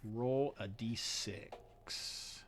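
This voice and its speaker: A man narrating as game master of a tabletop game, thinking aloud with frequent pauses and fillers. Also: fairly low pitch, slight background noise.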